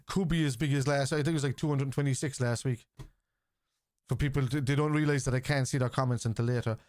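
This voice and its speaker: A man with a Scouse accent hosting a live football watchalong stream, reacting to the match and arguing bluntly with viewers in the chat, swearing freely and yelling out players' names. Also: mid-range voice, steady tone, fast talker.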